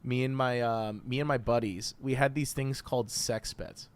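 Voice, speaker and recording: A man's voice: mid-range voice, steady tone, moderate pace. A young man co-hosting a podcast, telling a college story with lots of fillers and laughter. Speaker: podcast co-host. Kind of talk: casual chat.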